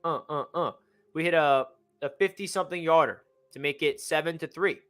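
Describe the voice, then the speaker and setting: High, bright-voiced excited sports fan man. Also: moderate pace, faint music behind. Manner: energetic, rambling, self-correcting. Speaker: sports fan channel host. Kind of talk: excited game recap.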